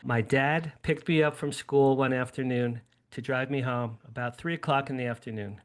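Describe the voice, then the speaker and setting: A man in his sixties from New Jersey, an animated and digressive storyteller with frequent restarts, speaking as an interview guest. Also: medium pitch, moderate pace. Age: 60s.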